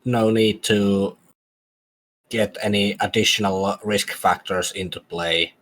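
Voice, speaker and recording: A stoic sneaking expert speaks in a low, unhurried voice, pausing often between words, voiced by a man. He sounds calm and steady. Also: rough recording. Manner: slow, halting, measured. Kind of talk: tabletop game character voice.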